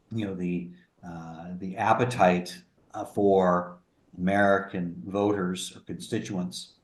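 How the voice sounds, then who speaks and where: A man in his sixties, speaking as an interview guest over a video call in an earnest, sober, halting way. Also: sits low, darkish tone, reverberant. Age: 60s. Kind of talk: interview conversation. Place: remote room in a small town.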